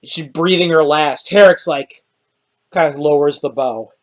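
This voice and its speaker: A man running a tabletop game as game master, narrating scenes in a halting, descriptive way. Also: fairly high pitch. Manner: descriptive, halting, with restarts and quick laughs.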